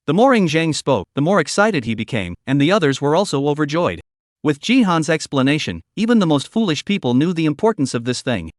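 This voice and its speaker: A man reading a scripted story recap as narrator, rapid and even. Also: a little high, no echo, clean studio sound.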